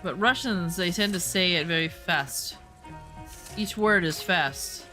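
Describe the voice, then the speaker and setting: Bright-voiced woman chatting casually. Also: fairly low pitch, takes it slowly, faint music behind. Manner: rambling, full of "like" and restarts. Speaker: streamer reacting to a show. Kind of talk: casual chat.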